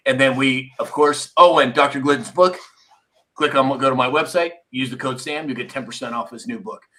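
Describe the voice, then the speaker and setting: A man's voice: mid-range voice, fairly quick, bright, forceful tone. A man hosting a live-stream talk show, rambling casually and reading viewer comments aloud.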